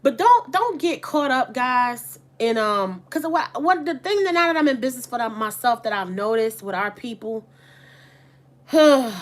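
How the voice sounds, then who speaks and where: A woman's voice: medium pitch, a bit bright. A woman who runs an online boutique, chatting casually and candidly to her viewers. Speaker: online boutique owner and vlogger. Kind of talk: casual chat to camera.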